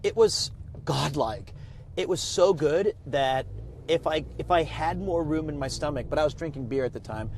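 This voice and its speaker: A man's voice: fairly high pitch, animated, normal speed, a little mellow, slight background noise. A man chatting casually in the front seat of a car with a friend, upbeat and enthusiastic, laughing often. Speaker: vlogger traveling with a friend. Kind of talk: casual chat. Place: inside a car.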